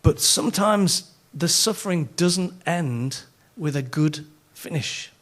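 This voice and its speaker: A middle-aged man with a Yorkshire accent, giving a sermon as a conference speaker and telling self-mocking stories in an animated way. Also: on the high side, takes it slowly. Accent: Yorkshire English.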